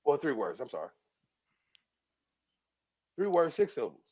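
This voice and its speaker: A man's voice: a little high, sing-song, normal speed, darkish tone, no echo, muffled recording. A man co-hosting a podcast, arguing about rap lyrics in an emphatic, profane way and counting syllables aloud. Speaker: podcast co-host.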